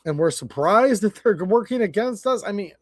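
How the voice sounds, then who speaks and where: Brief: man in his forties, high voice, dry close sound, casual livestream rant, stammers and rambles. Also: animated, moderate pace, dry recording. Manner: rambling, stammering, frustrated and blunt. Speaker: livestream host.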